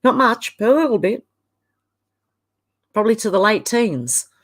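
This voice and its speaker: With a slightly high voice, lively intonation and a normal pace, a middle-aged Australian woman hosts a casual live stream. She reads viewer comments aloud, chatting loosely with exasperated reactions.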